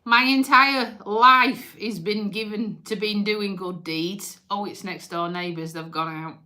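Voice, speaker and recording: Bright-voiced chatty woman on a livestream. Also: mid-range voice, takes it slowly. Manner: chatty, joking, swears casually. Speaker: livestream host. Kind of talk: casual live-stream chat.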